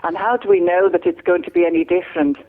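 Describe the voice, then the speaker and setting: A woman's voice: fairly low pitch, steady tone, fast. Firm northwest English woman on a phone line. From northwest England. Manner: firm, polite, set in her view. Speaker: caller.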